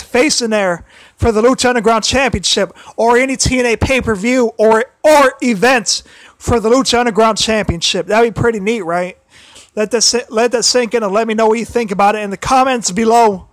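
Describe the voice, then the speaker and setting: Male livestream host, high-pitched, throat worn and tired, stumbles and repeats himself; dry, close recording. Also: a bit bright, no echo. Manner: halting, many restarts and repeated phrases. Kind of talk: casual solo livestream commentary.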